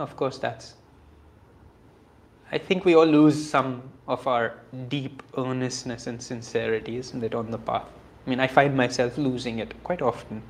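A man gives a reflective spiritual teaching on scripture, earnest and self-deprecating, often chuckling softly. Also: mid-range voice. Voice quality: earnest and self-deprecating, with frequent soft laughs.

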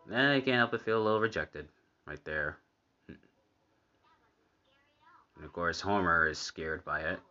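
A man's voice: low voice, pushed and bright, muffled recording. A man giving casual commentary while watching a cartoon episode. He laughs often and chats in an easy way. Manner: laughs often, unhurried and chatty.

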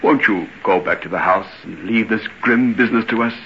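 An actor playing a calm, middle-aged doctor in a radio play, speaking in a measured, soothing way. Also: male voice, on the low side, a little hiss or hum, close to an everyday voice. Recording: muffled old radio recording.

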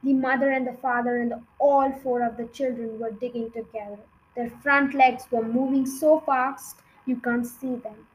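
A woman reading a children's book aloud in an expressive, dramatic way. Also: fairly high pitch, normal speed, few pauses, slight background noise, rough recording. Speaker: reader.

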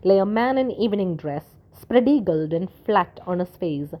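A woman narrating a story in a steady, measured reading voice. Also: medium pitch. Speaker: audiobook narrator.

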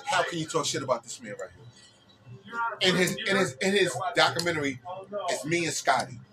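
A man hosting a casual reaction chat, excitable and swearing heavily with loud outbursts. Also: fairly high pitch, normal speed, rough recording. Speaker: reaction video host. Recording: music playing behind. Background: music.

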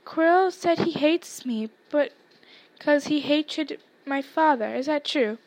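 Woman doing earnest curious boy wizard, questioning, higher voice, storybook reading. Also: slow, darkish tone, no echo.

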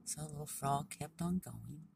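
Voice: mid-range voice, unhurried, creaky, far from the mic, background noise. A storyteller telling a children's animal tale in a homespun, casual way, with many dialogue tags.

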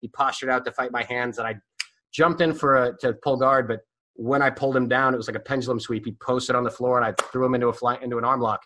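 A man telling stories in a casual, animated way, swearing freely and leaning on fillers. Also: medium pitch, fast talker. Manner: animated, profane, full of fillers. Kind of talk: casual storytelling.

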